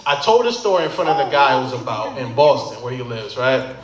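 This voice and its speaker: A man doing a stand-up comedy set at a brewery bar, telling stories with animated delivery and quick punchlines on a handheld mic. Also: mid-range voice, crowd noise. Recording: echoey noisy bar room.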